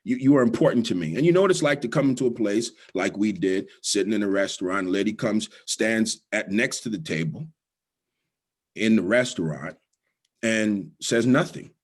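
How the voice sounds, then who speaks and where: Man, Bahamian accent, middle-aged, low voice, motivational storyteller, repeats lines for emphasis. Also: normal speed. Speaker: guest speaker.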